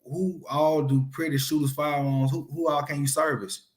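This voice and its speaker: A man's voice: a little high, level tone, moderate pace. A man from Alabama with a Southern accent, hosting a casual interview in an easygoing way and often repeating his words. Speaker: interview host.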